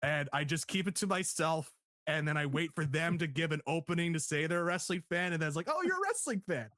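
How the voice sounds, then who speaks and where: Animated man co-hosting a wrestling podcast. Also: fairly quick, no echo, clean studio sound. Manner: animated, laughs often, acts out quotes in higher voices. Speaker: podcast co-host. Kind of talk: casual review chat.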